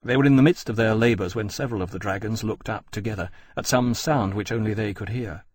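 A man narrating an audiobook in a husky voice, measured and steady. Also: on the low side, no echo, studio quality. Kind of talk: scripted narration.

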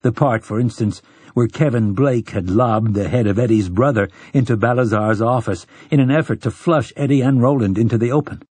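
A man narrating an audiobook in a measured, even storytelling manner, with a husky voice. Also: mid-range voice, no room sound. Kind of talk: scripted narration.

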